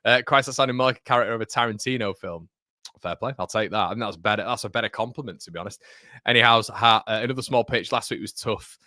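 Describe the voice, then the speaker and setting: A man's voice: fairly low pitch, fast, bright, forceful tone, no room sound, studio quality. A man hosting a casual live football watchalong, chatting with viewers and calling them mate. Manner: chatty, reads chat aloud, calls viewers mate. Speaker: livestream host.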